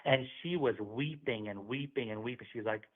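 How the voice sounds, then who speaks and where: A man's voice: mid-range voice, normal speed. A man calling in, telling a religious testimony in an earnest, preachy storytelling manner. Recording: phone-line audio.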